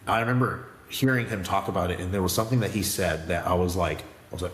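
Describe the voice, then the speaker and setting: A man with a fairly low voice tells stories in a casual podcast, animated and rambling, breaking off and restarting. The sound is echoey, with a long reverb tail and a faint background hiss. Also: fast talker, few pauses. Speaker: podcast co-host.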